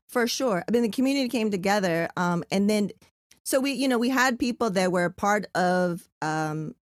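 A woman co-hosting a casual podcast chat, animated and emotional as she reads out messages. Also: lowish voice, no echo, studio quality. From Southern California. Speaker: podcast co-host.

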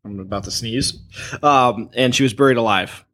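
A man's voice: mid-range voice, moderate pace, fairly bright tone. Male podcast co-host, mid-range voice, dry and profane sidekick energy. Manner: wry, profane quips. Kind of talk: casual chat recapping a horror episode.

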